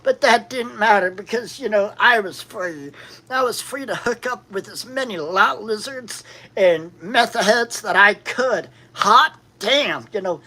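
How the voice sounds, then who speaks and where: A woman's voice: medium pitch, lively intonation, a little slow, bright, forceful tone, poor audio. Woman, crude comic monologue, rambling delivery, mid-range voice, jumps into quoted voices.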